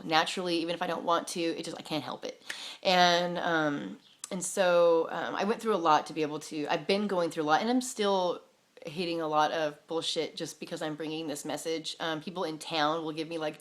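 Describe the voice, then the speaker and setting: A woman with a slightly low voice, rambling on camera in a loose, unscripted monologue. She swears freely and keeps restarting her sentences, padding them with fillers, and comes across as candid and defiant. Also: a bit bright. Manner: profane, many "like" fillers and restarts. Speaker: vlogger sharing spiritual stories.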